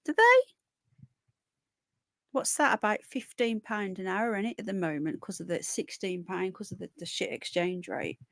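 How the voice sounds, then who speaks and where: A British woman hosts a live stream, rambling casually as she reads out comments and addresses viewers by name. Her medium-pitched voice is pushed and bright, captured dry with clean studio sound.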